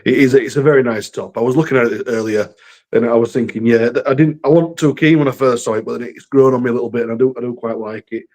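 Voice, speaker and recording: A man's voice: mid-range voice, steady tone, quick pace, darkish tone. A man chatting on a rugby fan panel, hesitant with restarts and blunt opinions. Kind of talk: casual panel chat.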